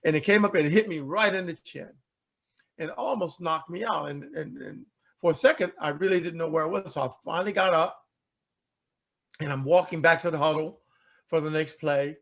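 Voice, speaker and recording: A man telling a personal story in an animated way, asking rhetorical questions and repeating words as he talks. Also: fairly high pitch, normal speed. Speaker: speaker telling a life story. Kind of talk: storytelling talk.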